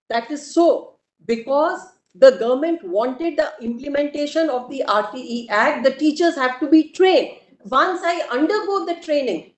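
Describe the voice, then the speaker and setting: A woman, arguing formally before a court in a measured, emphatic way. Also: high-pitched. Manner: measured, emphatic, addresses the bench repeatedly. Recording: echoey courtroom audio.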